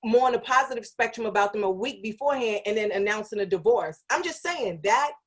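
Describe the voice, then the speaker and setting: Higher-voiced woman guest, reasoning aloud. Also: expressive, fairly quick. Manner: reasoning, talks things through with fillers. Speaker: radio personality guest. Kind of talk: casual chat.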